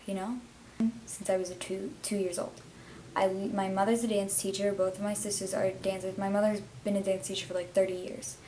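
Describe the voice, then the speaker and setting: A woman's voice: medium pitch, level tone, a little fast, darkish tone, slight background noise, low-quality recording. A teenage girl vlogging casually and heartfelt, rambling with lots of fillers as she talks. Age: teens. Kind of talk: casual confessional vlog.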